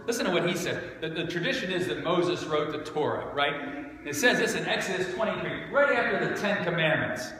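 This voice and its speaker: A man's voice: on the high side, expressive, a little fast, sharp tone. A male pastor with a southern New Jersey accent, preaching a sermon with sarcastic, mock-outraged humor. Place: church sanctuary. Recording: echoey church hall with faint noise.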